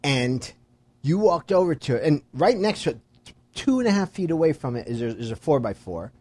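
A man in casual conversation, telling a lively anecdote and acting out the voices of the people in it. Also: on the high side, normal speed, dry recording. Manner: animated storyteller who acts out quoted voices. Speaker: friend telling a story. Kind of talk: casual chat.

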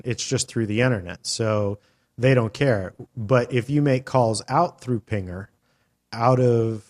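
A man's voice: medium pitch, darkish tone. A middle-aged man hosting a podcast, telling a long story in casual chat, rambling with lots of fillers and casual swearing. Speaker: podcast host.

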